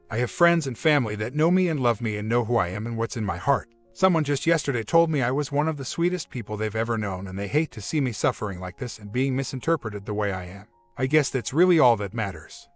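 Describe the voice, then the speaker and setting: Man steadily reading posts over soft music. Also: medium pitch. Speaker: story reader, part-time voice actor. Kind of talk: reading someone's first-person posts aloud. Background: faint background music.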